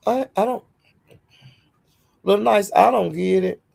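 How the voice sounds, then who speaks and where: A woman's voice: mid-range voice, slow, vocal fry, a little mellow, slightly rough. A woman hosting a casual livestream, greeting viewers by name and speaking bluntly and defiantly. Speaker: livestream host.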